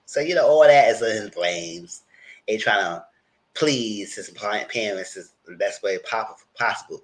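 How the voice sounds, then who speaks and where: Animated male vlogger. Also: on the low side. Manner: animated, chatty, acts out characters' lines. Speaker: channel host recapping a TV series. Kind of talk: casual live-chat recap.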